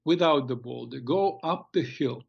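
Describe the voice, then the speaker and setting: A man's voice: medium pitch, a little slow, vocal fry, slightly rough, dull audio. A man voicing a wise old male shaman who patiently gives instructions.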